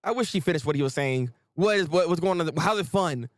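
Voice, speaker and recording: A man hosting a live manga reaction stream, talking in excitable, exclamatory, slang-filled rants. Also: on the high side, fast talker, no room sound.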